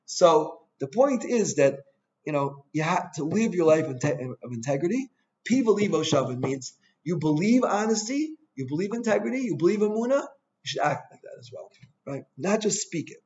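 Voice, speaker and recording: A man, a rabbi, teaching an informal Torah class in a chatty, storytelling way, dropping quick asides as he goes. His voice sits a little high. The recording sounds dull and lo-fi.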